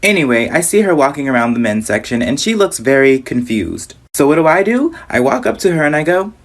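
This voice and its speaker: A woman telling funny personal stories in a sassy, animated way, acting out the people in them. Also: sits low, brisk. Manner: sassy, animated, acts out quoted voices. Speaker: storyteller. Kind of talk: casual storytime narration.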